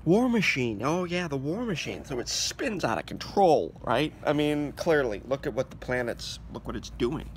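An agitated man rants outdoors, his voice going hoarse as he swings from loud, sarcastic outbursts down to mocking whispers. His pitch jumps all over the place. Faint noise from outside sits under the voice. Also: very animated, moderate pace, hardly any pauses. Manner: agitated, sarcastic, rising to near-shouts and dropping to mock whispers. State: losing his voice. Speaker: political commentator. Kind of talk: ranting monologue to camera.

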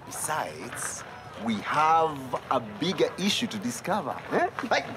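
A man's voice: fairly high pitch, very animated, measured pace, background noise. An actor playing a bantering village man in a television drama. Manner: teasing, bantering. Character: joking village man betting with friends.

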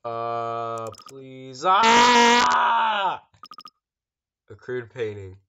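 A gamer giving excitable, casual commentary while playing, talking to viewers and breaking into sudden screams. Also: mid-range voice, a little slow, highs cut off, heavy background noise. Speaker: let's play gamer.

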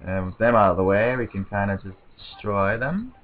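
A man giving casual, excitable gameplay commentary, rambling to himself and often stammering over restarts. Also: lowish voice, brisk, phone-quality sound. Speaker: let's play commentator.

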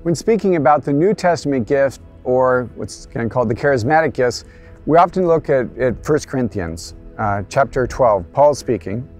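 A man's voice: mid-range voice, lively intonation, moderate pace, darkish tone, faint music behind. A man giving an earnest teaching talk on faith, explaining step by step. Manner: earnest, explanatory, some restarts. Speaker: catechetical presenter.

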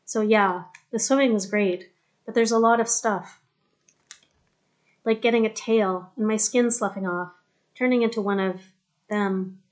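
A frank teenage girl, voiced by a woman reading aloud, wistful and gentle. The pitch sits in the middle. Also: steady tone, a little slow, long pauses, natural voice. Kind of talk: audiobook character reading.

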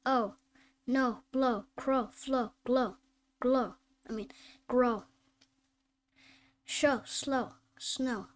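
Slow, high-voiced woman reading phonics words. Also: steady tone, slight background noise. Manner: reads each word slowly and distinctly, self-corrects. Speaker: phonics teacher. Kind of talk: slow word-list reading lesson.

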